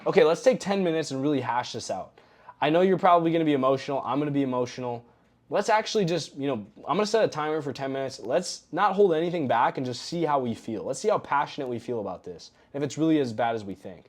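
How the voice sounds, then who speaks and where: A young adult man giving a recorded coaching lesson in a relaxed, conversational way, often acting out example phrases. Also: a little high, quick pace. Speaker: coaching course instructor.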